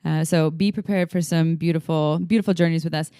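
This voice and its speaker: An enthusiastic woman co-hosts a podcast, upbeat and quick to laugh. Her voice sits fairly low for a woman. It is recorded dry, with no room sound. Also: steady tone, mellow, clean tone, dry recording. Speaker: podcast co-host. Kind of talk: casual chat.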